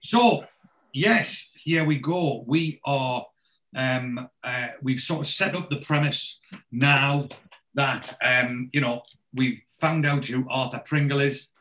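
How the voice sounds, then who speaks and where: A man's voice: medium pitch, slow, fairly bright tone, rough recording. A man hosting a podcast, recapping an episode in a rambling, hesitant way with plenty of fillers. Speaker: podcast host.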